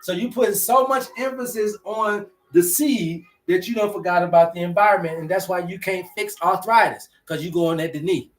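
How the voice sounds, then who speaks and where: High-pitched guy w/ aave preaching to his chat, slangy, repeats himself a lot. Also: normal speed, hardly any pauses. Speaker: host. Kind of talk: livestream teaching chat.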